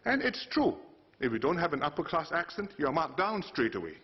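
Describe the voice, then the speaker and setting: Man, formal parliamentary speech, lively rising and falling pitch, dull broadcast sound. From Singapore. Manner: measured, delivered in short phrases with emphatic rises. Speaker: politician addressing parliament. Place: parliament chamber.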